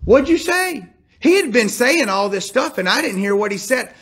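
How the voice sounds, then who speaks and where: A man preaching a sermon that mixes a personal story with scripture. He shifts between hushed, quiet passages and emphatic, building ones. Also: high-pitched, a little fast, husky. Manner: animated storyteller, drops to hushed tones then builds emphatically.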